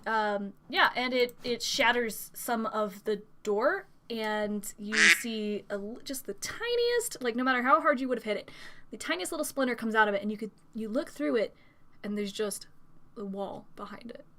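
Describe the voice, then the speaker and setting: Woman game master, bright clear tone, slightly high voice, descriptive narration with ums. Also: expressive, normal speed, a little hiss or hum. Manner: descriptive narration with frequent "um" fillers. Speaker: dungeon master.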